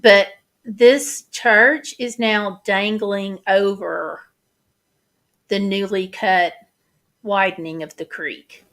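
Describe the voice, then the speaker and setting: A woman vlogger talking casually, halting and restarting as she describes flood damage. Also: medium pitch, fairly even intonation, a bit bright. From United States. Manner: chatty, halting, many restarts and fillers. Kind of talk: casual chat over photos.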